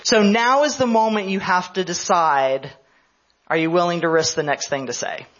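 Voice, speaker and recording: A woman's voice: on the low side, normal speed. A woman history professor giving a conference lecture, telling events as a story and explaining them as she goes. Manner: storytelling, explanatory, checks in with "right?". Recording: slightly dull lo-fi radio broadcast.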